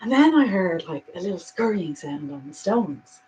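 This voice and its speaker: A woman giving a reflective spiritual monologue, earnest and animated, moving between soft musing and emphatic conviction. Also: fairly low pitch, normal speed, slight background noise, poor audio. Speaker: spiritual speaker.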